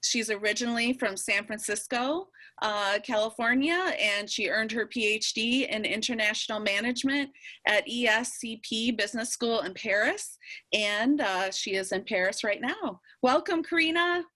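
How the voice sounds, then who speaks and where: A woman's voice: fairly high pitch, normal speed, sharp tone. A woman hosting a webinar over a video call, introducing the guest and asking questions in a friendly, informal way. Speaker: webinar host.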